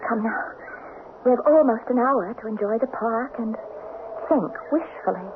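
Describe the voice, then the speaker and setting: An actress playing a secretive, romantic young countess in a 1970s radio drama, emotional and breathless. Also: female voice, on the high side, lively intonation, moderate pace, natural voice. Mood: dreamy. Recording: tinny, noisy old radio broadcast.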